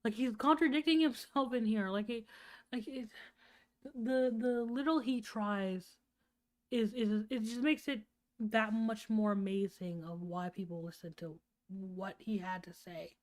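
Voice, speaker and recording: A woman's voice: medium pitch, steady tone, a little slow, darkish tone. A woman streamer reacting to a video with sarcastic, mocking commentary.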